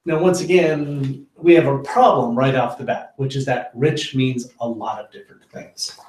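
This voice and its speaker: A man's voice: medium pitch, steady tone, moderate pace, a little mellow, echoey room, low-quality recording. A man leading an informal Bible study, talking in a loose conversational way with lots of fillers and restarts. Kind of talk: informal Bible teaching with discussion.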